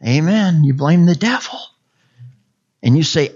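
A preacher delivering a sermon, repeating scripture phrase by phrase and swinging from hushed whispers to loud cries. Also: mid-range voice, animated, measured pace, breathy edge, muffled recording. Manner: dramatic swings between whispers and shouts.

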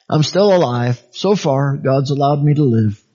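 A man's voice: lively intonation, slow pace. Folksy preacher man, lo-fi sound. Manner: conversational, folksy, chuckles often, swings high and soft. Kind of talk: sermon. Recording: dull lo-fi sound.

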